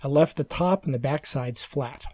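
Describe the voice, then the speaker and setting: With a mid-range voice and no echo in the recording, a man calmly guides listeners through woodworking in measured, step-by-step fashion for a scripted voice-over.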